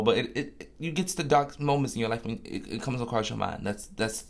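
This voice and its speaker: A man hosting his own podcast, talking in a candid, confessional way with casual swearing and soft, reflective asides. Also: mid-range voice, quick pace, vocal fry.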